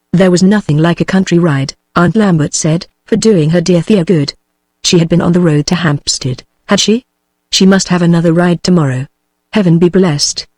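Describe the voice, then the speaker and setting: A computer-generated man's voice narrates a period novel, reading steadily and evenly, at times saying the punctuation marks aloud. It sits high for a male voice. The sound is dry and close, with no room in it. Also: no echo. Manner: even machine reading, reads punctuation aloud. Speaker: audiobook narrator. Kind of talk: synthetic text-to-speech book reading.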